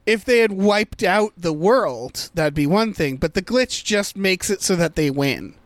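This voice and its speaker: A man's voice: sits high, animated, measured pace, no room sound. A man in a casual movie review chat, rambling and thinking aloud as he picks apart a plot.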